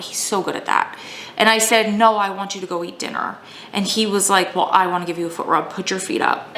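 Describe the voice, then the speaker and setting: A woman's voice: medium pitch, fairly bright tone, slight background noise. A young adult woman telling a personal story in a candid, emotional way. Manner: emotional, tearful at times, candid. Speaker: vlogger. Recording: echoey room, faint ambience.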